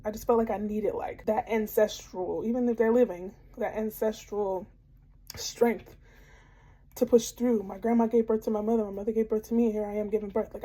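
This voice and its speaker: A woman's voice: fairly high pitch, dark tone, husky. A woman in her thirties candidly telling a personal story in a heartfelt monologue, with frequent fillers.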